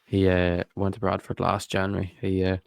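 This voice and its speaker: A young man co-hosting a podcast, explaining things in a measured way with some hesitations. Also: sits low, completely flat delivery, creaky, no echo, clean studio sound. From Ireland. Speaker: podcast co-host. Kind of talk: casual podcast chat.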